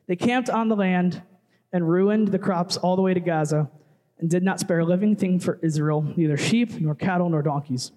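A man's voice: high-pitched, normal speed, dark tone, in a large hall. A young man, a worship leader, giving a casual, chatty sermon full of asides and fillers.

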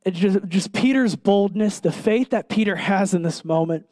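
A man with a high, light voice preaches a sermon in a dry, close-sounding room. He speaks earnestly and with emphasis, slowing down to stress key words and asking his listeners direct questions. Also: darkish tone, no echo.

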